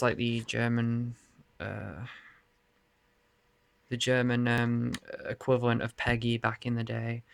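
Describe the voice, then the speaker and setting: A man's voice: medium pitch, gravelly, fairly bright tone, no echo. A man rambling casually to camera in his bedroom about his game collection, laughing and swearing often. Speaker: video game collector showing his cases.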